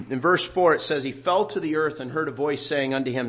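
Preaching at a normal speed with a slightly raised, creaky voice, a middle-aged pastor keeps his sermon conversational until scripture quotes, where he rises in volume and intensity. A faint hiss or hum is audible.

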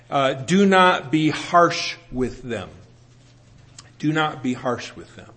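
A man in his sixties preaching a sermon in an earnest way, slowing down to stress scripture and adding gentle humor about himself. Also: medium pitch. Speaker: pastor.

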